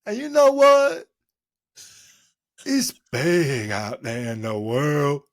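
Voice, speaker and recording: A man impersonating a simple-hearted Southern man who speaks in a very slow, drawn-out way. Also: fairly high pitch, wildly swooping pitch, heavily acted. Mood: earnest.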